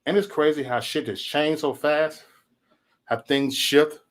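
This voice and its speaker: A man's voice: fairly high pitch, fairly even intonation, measured pace. A man hosting his own livestream, talking in a loose, profane, rambling way and telling stories with a lot of animation. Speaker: livestream host. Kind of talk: casual livestream rant.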